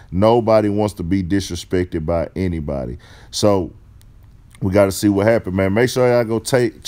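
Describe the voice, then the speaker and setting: A man hosting a commentary vlog, talking in a relaxed, slangy way to his viewers. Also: on the low side. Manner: laid-back slangy talk, calls listeners dog. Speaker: host.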